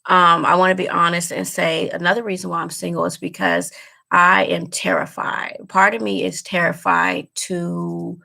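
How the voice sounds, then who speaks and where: A woman's voice: fairly low pitch, level tone, normal speed, vocal fry, pushed and bright. A woman vlogger talking straight to her viewers in casual chat, earnest and emotional, repeating herself as she goes. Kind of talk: casual direct-to-camera chat.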